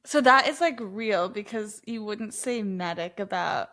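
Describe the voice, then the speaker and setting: A young woman co-hosting a podcast, reacting to a story with quick remarks and laughter. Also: medium pitch, a bit bright. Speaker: podcast co-host. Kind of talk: casual chat.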